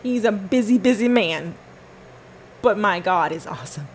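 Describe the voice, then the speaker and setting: A woman's voice: mid-range voice, lively intonation, normal speed, slight background noise, rough recording. Fervent woman repeating herself for emphasis. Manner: talks to listeners and to God in turn. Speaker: podcast host. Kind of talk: casual spoken testimony.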